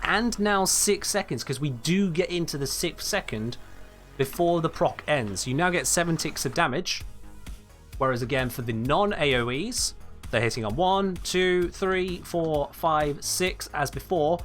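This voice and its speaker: A man's voice: a little high, lively intonation, measured pace, a bit bright, faint music behind. A young man explaining game mechanics on a live stream, emphatic and blunt when he answers chat.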